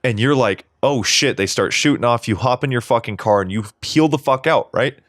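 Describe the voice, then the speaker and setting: A man's voice: medium pitch, fairly quick, no echo, studio quality. A man co-hosting a podcast in casual chat, talking in a heated, rambling way and swearing a lot. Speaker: podcast co-host.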